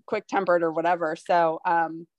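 A woman's voice: lowish voice, level tone, moderate pace, no room sound, muffled recording. Woman in her 30s, podcast guest, rambly, lots of "like" and restarts, dry close mic. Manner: rambling, many fillers and restarts. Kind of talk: casual podcast chat.

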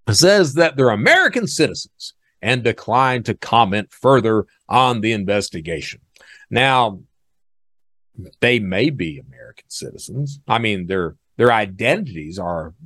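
A man hosting a podcast, talking casually in an animated, sarcastic way and dropping low when he reads from documents. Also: no echo, clean studio sound. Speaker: podcast host.

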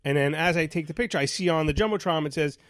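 A man tells a long, rambling story on a talk show, acting out every line of dialogue. His voice sits a little high for a man. The sound is dry and close. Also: quick pace, dry recording. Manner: rambling, animated, many restarts. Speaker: radio show host. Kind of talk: casual storytelling chat.

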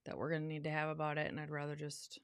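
A woman's voice: sits low, completely flat delivery, racing, creaky, smooth. A woman co-hosting a podcast, talking candidly and earnestly, repeating words for emphasis. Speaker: podcast co-host. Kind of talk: casual chat.

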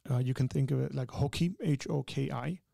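Gravelly male podcast host, hesitant. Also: medium pitch, a little fast, mellow, no room sound. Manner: hesitant, many fillers and restarts. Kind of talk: casual conversational interview.

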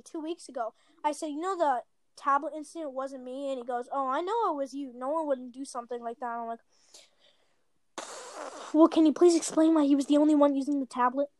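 A woman's voice: high-pitched, a bit bright, dry recording. A woman telling a long personal story in a casual chat, rambling with many "like" fillers and self-corrections. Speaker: storyteller guest.

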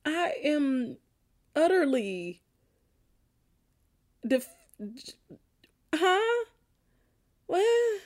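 A woman's voice: high-pitched, big pitch swings, very slow, long pauses, a little mellow. A woman hosting a podcast, reacting bluntly and profanely to listener answers, often laughing. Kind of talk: casual reaction chat.

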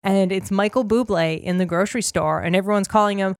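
A woman's voice: medium pitch, fast, dry recording, clean studio sound. A woman chatting enthusiastically and telling stories in a casual group conversation. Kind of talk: casual chat.

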